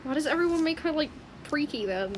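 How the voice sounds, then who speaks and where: A young woman artist chatting casually while she draws, rambling and often muttering quietly to herself. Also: high-pitched, expressive, fairly quick, a little hiss or hum, rough recording. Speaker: artist streaming her drawing.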